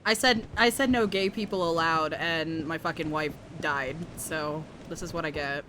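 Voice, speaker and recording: Crude, loud joking woman streamer. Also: low-pitched, moderate pace, slight background noise. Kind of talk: casual gaming stream chat.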